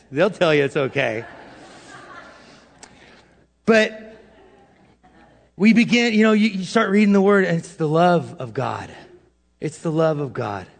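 Casual high-voiced man preaching. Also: creaky. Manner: conversational, self-deprecating, swings from loud to hushed. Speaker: pastor. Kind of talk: sermon. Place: church hall. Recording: long hall reverb.

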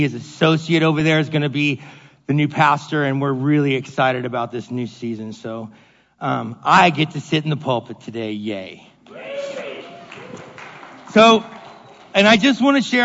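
A middle-aged male pastor giving a casual, storytelling sermon, animated and self-deprecating, acting out the voices in his stories. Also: on the high side. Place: church sanctuary. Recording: dull echoey hall recording.

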